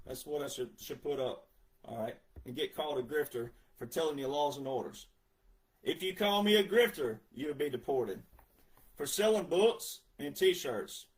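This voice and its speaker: A man giving an emphatic, sarcastic ranting monologue as a political commentator, with sudden loud outbursts. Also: high voice.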